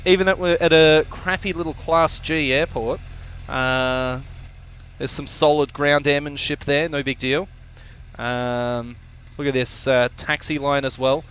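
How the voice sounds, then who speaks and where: A man's voice: medium pitch, fairly even intonation, moderate pace, fairly bright tone, clean tone. A man casually commentating his own flight video on a live stream, joking, swearing and rambling with lots of fillers.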